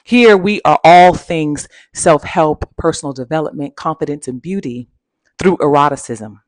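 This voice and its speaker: A woman's voice: low-pitched, moderate pace, no echo. Woman, spiritual coach, emphatic preacher-like cadence, dry close sound. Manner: emphatic, repetitive, preacher-like cadence with pet names. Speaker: spiritual coach and channel host. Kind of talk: motivational talk to camera.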